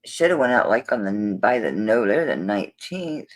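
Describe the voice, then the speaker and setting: A woman's voice: a bass voice, very animated, normal speed. A woman selling jewelry on a live stream, chatting to viewers in a flustered, rambling way while she searches through orders.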